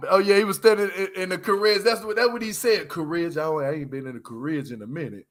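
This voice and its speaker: High-voiced man doing casual show commentary. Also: quick pace, a bit bright. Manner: loose slangy banter, frequent laughing. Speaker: reality show recap host.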